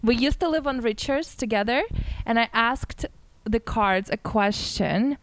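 A woman's voice: on the high side, measured pace, low-quality recording. Chatty woman podcast co-host. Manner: animated storytelling, casual swearing. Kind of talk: casual chat.

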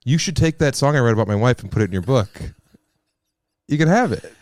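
A man's voice: medium pitch, lively intonation, quick pace, a little mellow, dry recording. An American man, a guest comedian, chatting casually on a podcast with wry, joking riffs. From United States.

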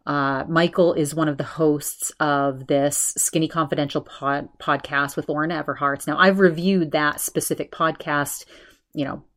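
A woman podcast host talking through an episode review in a loose, conversational way. Her voice sits a little low, and she circles back on her words with plenty of fillers and restarts. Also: fairly even intonation, moderate pace, fairly bright tone. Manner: chatty, many restarts and fillers.

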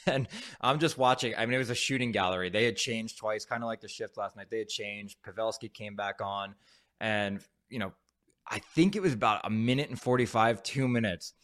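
A man with a lowish voice tells a hockey story in an animated way, laughing as he goes and swearing freely. He sounds like a former player on a casual podcast. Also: moderate pace.

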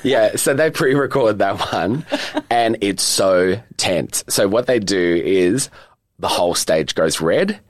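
An Australian man in his thirties, a guest in a casual chat, telling stories in a camp, joking, animated way. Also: on the low side, no room sound. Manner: camp, animated storyteller, quick to joke.

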